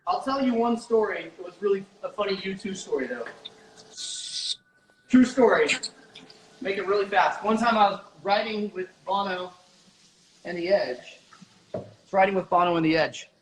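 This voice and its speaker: A man hosting a casual livestream, telling lively stories while he cooks, heard over a video call. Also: high-pitched, moderate pace, pauses often, a little hiss or hum, poor audio. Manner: lively, storytelling, talks while cooking. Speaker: host.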